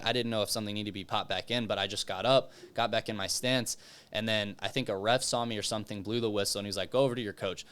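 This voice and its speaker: A man's voice: on the low side, clean tone. A young man from Texas, a guest author, telling a personal story in casual chat and acting out the voices of the people in it. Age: young adult. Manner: animated, acts out quoted voices.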